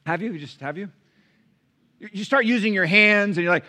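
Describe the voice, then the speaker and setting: This pastor's voice is high-pitched and moves at a moderate pace as he preaches from the pulpit. Into a pulpit mic in the church sanctuary, he spins lively stories and voices the people who appear in them.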